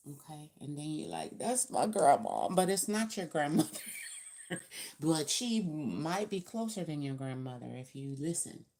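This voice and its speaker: A woman's voice: deep voice, animated, a little slow, darkish tone. A woman giving a casual tarot reading, chatty and laughing often, acting out the people she quotes. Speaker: tarot reader.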